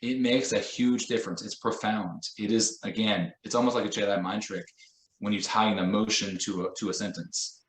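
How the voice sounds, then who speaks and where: A man leads a training session for teachers, speaking in a relaxed, conversational way. He keeps turning to everyday examples and acts out short quoted lines. His voice sits a little low, and the room adds a clear echo. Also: normal speed. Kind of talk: professional development lesson.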